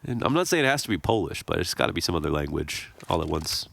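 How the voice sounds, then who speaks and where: Deep-voiced male esports analyst. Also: quick pace, gravelly. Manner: chatty, animated exclamations. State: slightly sick voice. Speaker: esports color commentator. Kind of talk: color commentary.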